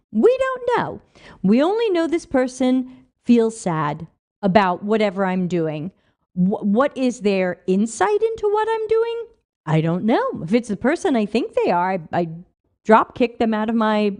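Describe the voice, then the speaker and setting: A woman's voice: on the high side, darkish tone. A woman hosting a livestream, reading viewer comments aloud and answering them with emphatic rhetorical questions. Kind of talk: casual livestream talk.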